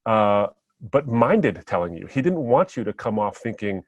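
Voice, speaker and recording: A man speaking as a guest on a podcast, reflecting on memories and telling stories in a relaxed, anecdotal way. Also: lowish voice, moderate pace, dry recording, highs cut off. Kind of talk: podcast conversation.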